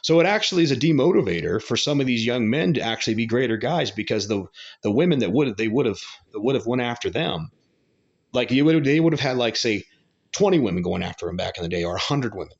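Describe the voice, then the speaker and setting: A man's voice: mid-range voice, lively intonation, fast, dull audio. A man giving a blunt, rambling opinion monologue with coarse language. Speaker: commentary channel host.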